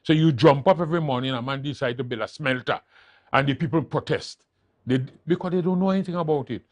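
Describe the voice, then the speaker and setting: A man's voice: mid-range voice, fast talker, no echo. Emphatic older Trinidadian man guest. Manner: emphatic, repeats key phrases for emphasis. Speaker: interview guest, political leader. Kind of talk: studio talk show interview.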